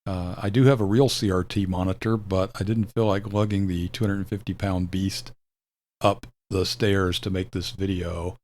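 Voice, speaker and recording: An older man hosting a video, explaining a retro computer program in a relaxed, rambling way, with fillers and self-corrections. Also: deep voice, moderate pace. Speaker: video host demonstrating retro software. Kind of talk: casual explanatory demo.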